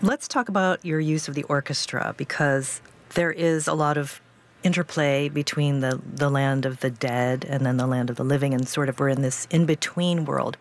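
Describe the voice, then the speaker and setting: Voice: mid-range voice, steady tone, moderate pace. Curious, appreciative interviewer. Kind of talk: interview questions.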